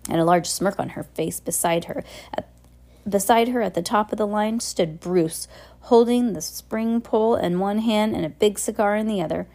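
A woman's voice: mid-range voice, moderate pace, darkish tone. A woman reading a novel aloud chapter by chapter, stumbling and restarting now and then. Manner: reads with slips and restarts. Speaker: audiobook reader.

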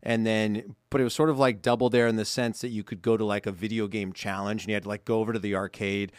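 A man's voice: fairly low pitch, level tone, quick pace, clean tone, dry recording, clean studio sound. Easygoing man, rambling podcast co-host. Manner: easygoing, rambling, frequent fillers. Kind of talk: casual chat.

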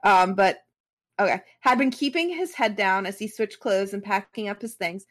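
A woman's voice: medium pitch, normal speed, fairly bright tone. A woman reading a fan story aloud as a podcast co-host, stopping now and then for casual asides.

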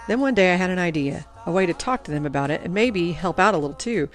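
A woman's voice: on the low side, fast talker, soft background music. Reflective woman narrating a story. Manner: reflective, even-paced storytelling. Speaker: audiobook narrator. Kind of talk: scripted first-person narration.

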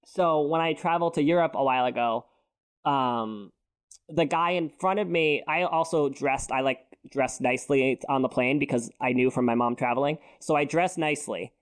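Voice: medium pitch, moderate pace, clean tone. A non-binary co-host in loose, casual podcast chat. They ramble through stories and scatter "like" as they go. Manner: rambling storyteller, heavy use of "like". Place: podcast recording.

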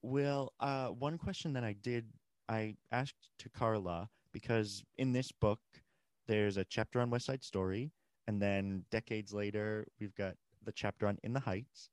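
A male podcast host with a somewhat low voice interviews a guest. He frames long, measured questions in a dry, close recording. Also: steady tone, smooth, no room sound.

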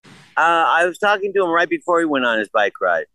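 A man's voice: on the high side, very animated, fairly quick, pushed and bright, no echo, poor audio. Older man, blunt, swears a lot, rambling stories, dry close sound. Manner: blunt and profane, rambling storyteller. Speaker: guest. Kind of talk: casual interview chat.

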